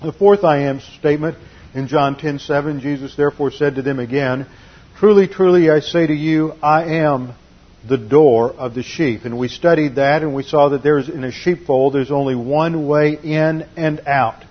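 A man's voice: on the high side, steady tone, moderate pace, dull audio. A man preaching a sermon, teaching carefully and explaining the meanings of Greek and Hebrew words.

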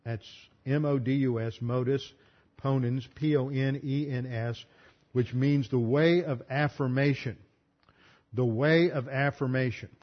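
A man's voice: medium pitch, steady tone, unhurried. A man teaching a Bible study lecture, working through an argument step by step and spelling out terms. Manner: methodical, explanatory, spells out terms. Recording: muffled lo-fi recording.

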